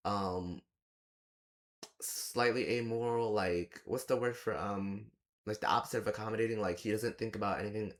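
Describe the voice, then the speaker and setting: A young man giving a rambling, exasperated casual movie review, often slipping into mock quotes of the characters. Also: fairly low pitch. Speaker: movie reaction host.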